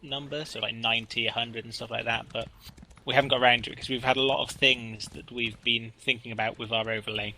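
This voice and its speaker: Bright-voiced man chatting while gaming. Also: mid-range voice, fairly even intonation, rough recording. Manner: halting, full of fillers and restarts, rambling. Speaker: co-host of a gaming stream. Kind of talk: casual chat while playing a game.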